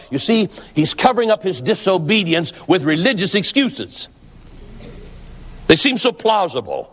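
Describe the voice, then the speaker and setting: A man's voice: high-pitched, fairly bright tone. A man preaching a sermon in an earnest, emphatic way, often repeating words for stress. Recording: long hall reverb.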